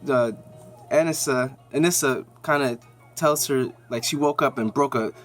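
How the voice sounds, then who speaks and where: A man's voice: medium pitch, normal speed, faint music behind. A man hosting a nerd news channel, giving a casual, slangy, rambling recap of a TV episode with lots of fillers.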